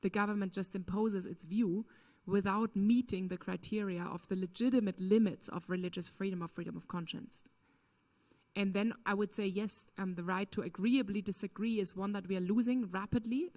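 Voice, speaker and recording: A woman's voice: mid-range voice, steady tone, moderate pace, dark tone. A woman speaking at a conference, answering a question in an earnest, emphatic way with frequent "um" and "you know". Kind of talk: lecture Q&A answer.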